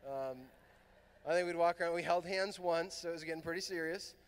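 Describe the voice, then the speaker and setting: A middle-aged man from Southern California telling a lively personal story at a youth conference, acting out the voices in his dialogue. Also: on the high side, a little fast, smooth. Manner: animated, acts out quoted dialogue. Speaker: priest and conference speaker. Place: large fieldhouse hall. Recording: long hall reverb.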